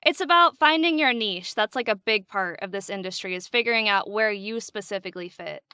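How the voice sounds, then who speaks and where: A woman voice actress chatting as a guest on a podcast, animated and laughing often. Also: mid-range voice, brisk, clean tone, no room sound, studio quality. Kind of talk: casual podcast interview.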